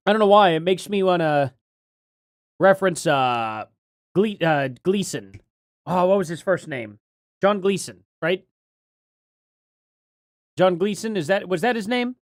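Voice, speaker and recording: A man's voice: high voice, expressive, unhurried, long pauses, no room sound, clean studio sound. Rambling live-stream host, a man. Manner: rambling, muses aloud and reads out chat names. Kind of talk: casual live-stream chat.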